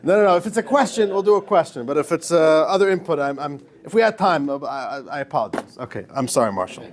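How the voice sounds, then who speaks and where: Casual, emphatic rabbi teaching a class. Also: male voice, fairly high pitch, animated, fast talker, slight background noise. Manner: casual, emphatic, slangy, joking with students. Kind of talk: informal classroom lecture. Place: classroom with students.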